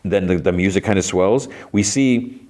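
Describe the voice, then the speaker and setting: A man hosting a podcast, casually recapping a TV episode in a rambling way, full of fillers and quick quoted lines. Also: sits low, a little mellow. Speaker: podcast host.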